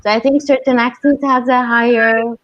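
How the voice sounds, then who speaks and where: A woman's voice: fairly high pitch, steady tone, normal speed, muffled recording. A woman co-hosting a casual podcast, speaking in a chatty, opinionated way with frequent fillers. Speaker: podcast co-host.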